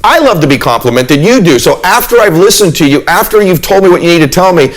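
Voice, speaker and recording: A middle-aged man giving a motivational talk, earnest and emphatic, often slowing down or speeding up and changing his volume to make a point. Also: sits high, lively intonation, poor audio. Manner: earnest, emphatic, shifts pace and volume to demonstrate. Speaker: motivational speaker.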